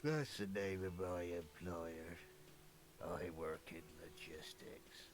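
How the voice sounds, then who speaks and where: A man's voice: low voice, steady tone, takes it slowly, noisy background. A man in his thirties voicing a sleepy, grudging dock worker on strike in a video game. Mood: grumpy. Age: 30s. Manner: drowsy, grudging, matter-of-fact. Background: game music.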